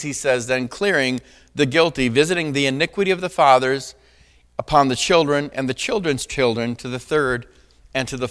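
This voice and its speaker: The pastor has a mid-range voice that's a bit bright. Preaching conversationally, he gives scripture dramatic weight and keeps asking "right?" and "amen?"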